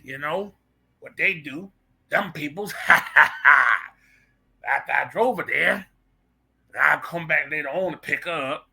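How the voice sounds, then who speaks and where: A man's voice: on the high side, vocal fry, sharp tone, slightly rough, pitched above the performer's own voice, full character voice. A man voicing a mocking caricature of an old male chauffeur, with an exaggerated drawl and cackling laughs.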